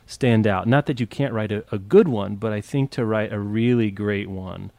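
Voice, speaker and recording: A man's voice: lowish voice, moderate pace, vocal fry, mellow, no echo. A man co-hosting a podcast, enthusiastic and rambling as he recommends books with many restarts. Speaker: podcast co-host. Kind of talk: casual book chat.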